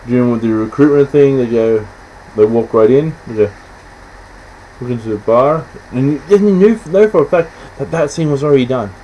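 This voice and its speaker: A man in casual film chat, rambling and halting, often stopping to restart, acting out scenes in quick quoted voices. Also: mid-range voice, mellow, dull audio, a little hiss or hum. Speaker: podcast host.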